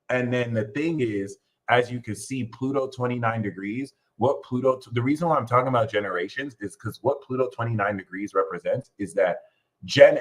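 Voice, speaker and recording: A man hosting an astrology show, ranting casually and animatedly, swearing and jumping into high mocking voices when quoting others. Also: fairly bright tone, low-quality recording. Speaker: astrology channel host. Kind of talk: casual livestream rant.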